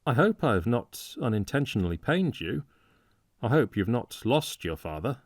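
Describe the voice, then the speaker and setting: A man reading a storybook part as a frank, cheerful young gentleman who speaks warmly and eagerly and laughs easily. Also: mid-range voice, sing-song, moderate pace, no echo, studio quality. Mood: cordial. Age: young adult.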